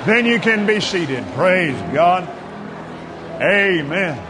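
A high-pitched older male preacher leads prayer and praise at an unhurried pace. He is fervent and exclamatory, calling out hallelujahs. His voice rings through a large reverberant hall with a faint congregation behind him. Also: lively intonation, background noise. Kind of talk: sermon. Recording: reverberant hall with crowd ambience.

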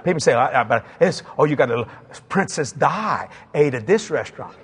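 Animated Cajun preacher in his sixties. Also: mid-range voice, moderate pace, slightly rough. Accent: Cajun, South Louisiana. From South Louisiana. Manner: animated, acts out both sides of dialogues, chuckling asides. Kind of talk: humorous sermon storytelling.

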